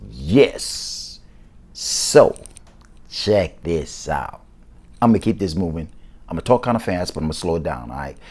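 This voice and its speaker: Excited deep-voiced football show host. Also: male voice, breathy edge. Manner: excited, animated, slangy. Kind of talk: casual sports commentary.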